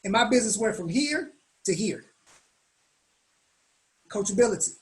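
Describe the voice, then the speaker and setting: A man speaking as a guest at a business meetup, telling stories in a lively, colloquial way and acting out the voices of the people in them. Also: high-pitched, moderate pace, poor audio. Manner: animated, colloquial, acts out quoted voices. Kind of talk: storytelling in a business meetup talk.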